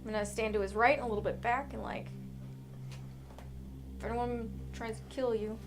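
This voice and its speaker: A woman's voice: on the high side, steady tone, moderate pace, background noise. A woman playing a tabletop game, chatting in an insistent, talkative way. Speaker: player. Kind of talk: casual tabletop game chat.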